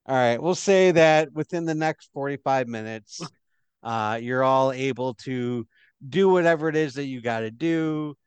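A man's voice: medium pitch, unhurried, smooth, no echo. A man running a tabletop game as game master, narrating in a rambling way with lots of fillers.

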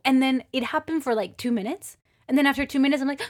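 Animated woman podcast co-host. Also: high-pitched, fast. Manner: expressive storyteller, animated when excited. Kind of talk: casual chat. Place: Malmo.

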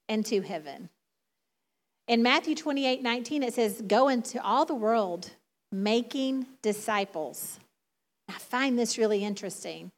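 A middle-aged woman preaching a sermon in a chatty, conversational way, laughing often. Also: on the high side.

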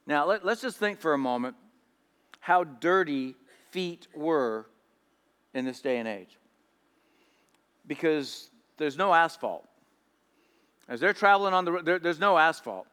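A man's voice: a little high, expressive, unhurried, long pauses, bright, forceful tone, clear, resonant tone. A man preaching a sermon in storytelling style, often repeating words as he goes. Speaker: pastor. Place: church hall. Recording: echoey church hall.

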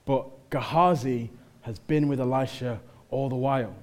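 A male preacher with a Mancunian accent and a mid-range voice at normal speed delivers a conversational sermon in church that builds to loud exhortation.

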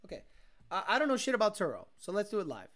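Bright, lively-voiced man ranting profanely. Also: high-pitched, quick pace. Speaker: livestream host reading chat. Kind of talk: casual live-stream chat.

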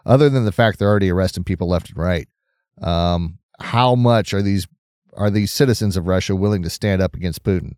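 Low-voiced man in dry commentary. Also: fairly quick, darkish tone, no room sound. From Southern California. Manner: conversational, opinionated, reacts to news aloud. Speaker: host of a news commentary stream. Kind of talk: casual news commentary.

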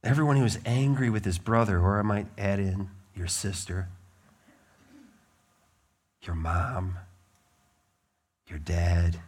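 A middle-aged man preaching a sermon as pastor, swinging from loud emphatic declarations to quiet conversational asides. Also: low voice, slow pace, long pauses.

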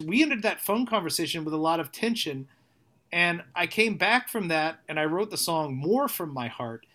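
A man, a songwriter, talking casually in an interview, animated and rambling, with frequent restarts and swearing. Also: a little high, normal speed. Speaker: songwriter and musician guest.

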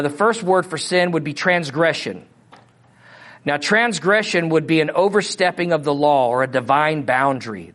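A middle-aged preacher from Missouri teaches a Bible lesson to a small group, his voice a little high for a man and a bit bright. He keeps things conversational, frequently asking his listeners questions to check in.

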